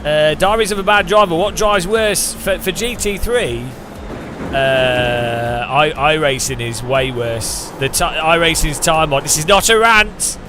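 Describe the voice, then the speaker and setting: A British streamer chatting casually while sim racing, rambling and joking with lots of restarts. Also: male voice, on the high side, animated, unhurried, sharp tone, soft background music. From United Kingdom. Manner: rambling and jokey, with frequent restarts.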